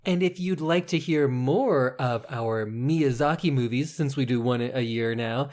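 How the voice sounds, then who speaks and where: A man's voice: medium pitch, a little slow, a little mellow. A man hosting a podcast, bantering in a joking, playful way. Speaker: podcast host.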